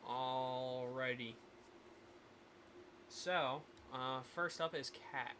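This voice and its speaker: A man running a tabletop game, talking slowly and haltingly as he checks the rules. His voice sits at an ordinary middle pitch. There is noticeable background noise behind him. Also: pushed and bright. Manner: halting, thinking aloud, many pauses. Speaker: game master.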